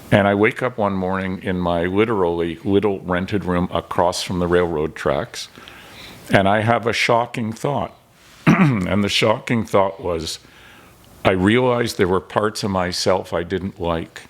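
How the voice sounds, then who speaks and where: An older man from Canada, a filmmaker and podcast guest, telling stories animatedly and acting out the dialogue. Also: deep voice. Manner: animated storyteller, acts out dialogue. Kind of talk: storytelling in casual interview.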